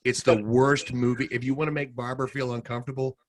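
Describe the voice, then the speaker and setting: A man co-hosting a podcast, telling stories in a casual, animated way and laughing as he goes. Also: medium pitch, quick pace. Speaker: podcast co-host. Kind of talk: casual storytelling chat.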